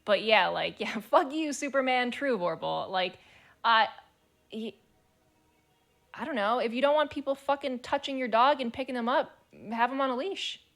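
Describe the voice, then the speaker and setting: A woman's voice: on the high side, normal speed, a bit bright. A woman streamer chatting casually and reading forum posts aloud, blunt, swearing freely and laughing as she talks.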